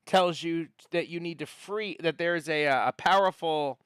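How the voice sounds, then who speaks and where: A man's voice: on the high side, normal speed, fairly bright tone, clean tone, no room sound, lightly acted. A man doing a wry old wizard. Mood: advising. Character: learned old male wizard, wry and advising.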